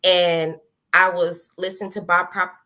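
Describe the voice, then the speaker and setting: A woman giving a testimony, telling her story in a lively way, acting out her own past words and laughing often. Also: fairly low pitch, a little slow. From American South. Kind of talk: animated personal storytelling.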